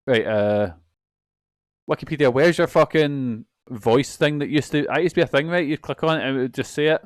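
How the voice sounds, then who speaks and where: Rambling streamer. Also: male voice, mid-range voice, brisk, dry recording, studio quality. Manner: rambling, swears often, self-mocking. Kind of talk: casual let's-play commentary.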